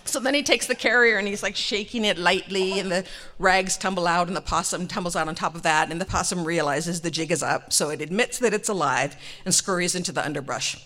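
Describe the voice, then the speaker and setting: A woman telling a comic personal story, animated and laughing often. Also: on the low side, brisk.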